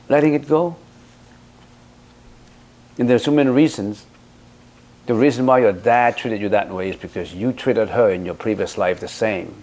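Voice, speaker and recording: Male Buddhist teacher, mid-pitched voice, emphatic dharma talk full of rhetorical questions. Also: moderate pace, darkish tone.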